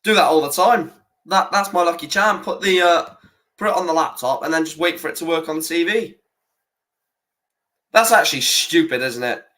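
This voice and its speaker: A young man hosts a live football watch-along, talking casually and swearing freely. His voice sits a little high and comes out bright and forceful as he rants about the referee. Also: normal speed, long pauses.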